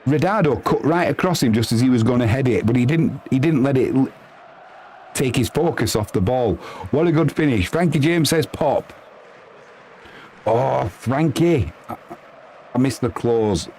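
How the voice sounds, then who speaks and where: A man doing chatty live football commentary, reading out viewer messages and yelping with excitement at goals. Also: normal speed, pauses often, a little hiss or hum. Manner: chatty and excitable, bursting into high yelps at goals.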